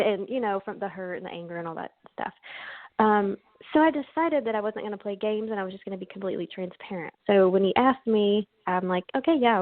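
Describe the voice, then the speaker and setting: A woman in her thirties speaks on a call-in show. Her voice sits mid-pitch, and she talks hesitantly, with restarts and little laughs. The sound is dry and tinny, like a phone line. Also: dry recording. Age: 30s. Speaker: caller. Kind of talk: phone-in conversation.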